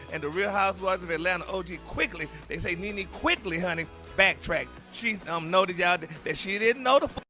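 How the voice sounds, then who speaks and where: A man's voice: high voice, sharp tone. A man hosting a celebrity news segment, sassy and chatty, calling everyone "honey" and "y'all". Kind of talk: flamboyant celebrity gossip report.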